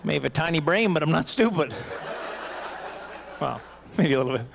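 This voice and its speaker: A man in his forties doing live stand-up, his voice sitting a little higher than most men's. He rambles and chuckles his way through self-deprecating tangents. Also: lively intonation, moderate pace, gravelly, slight background noise. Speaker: stand-up comedian. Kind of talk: stand-up comedy. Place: live banquet stage.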